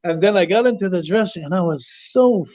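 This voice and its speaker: A man from Quebec, telling animated stories as an interview guest, often repeating and restarting words. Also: high voice, brisk. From Quebec, Canada. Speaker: interview guest, former wrestler. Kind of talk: casual storytelling interview. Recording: dull lo-fi audio.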